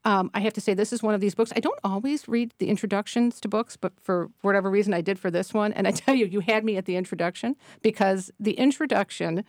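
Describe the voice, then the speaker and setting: A woman's voice: mid-range voice, fast, few pauses, darkish tone, dry recording, clean studio sound. A woman hosting an interview, enthusiastic and chatty, praising the guest's book.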